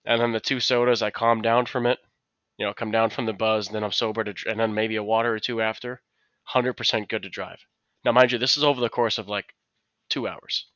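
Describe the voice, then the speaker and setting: Bright-voiced man telling a story. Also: on the low side, brisk, no room sound, dull audio. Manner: animated, acts out quotes of coworkers. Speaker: podcast co-host. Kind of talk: casual storytelling.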